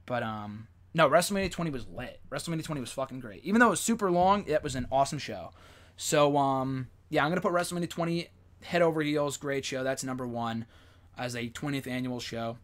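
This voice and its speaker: A man's voice: mid-range voice, a little fast. Rambling young male live-stream host. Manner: rambling, fillers, excited swearing. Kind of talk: casual live-stream chat.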